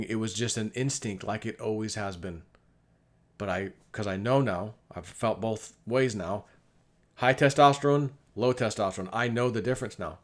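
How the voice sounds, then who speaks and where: A middle-aged man talking casually about his life in a rambling, confessional monologue, often acting out what people said. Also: on the low side. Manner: rambling, confessional, acts out quoted dialogue. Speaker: vlogger.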